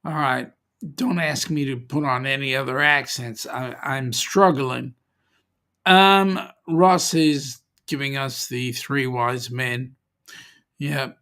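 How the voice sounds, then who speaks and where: A host chatting casually on a livestream in an unhurried way. Reads viewer comments aloud, teasing and easygoing. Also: mid-range voice, fairly even intonation, a bit bright. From Australia.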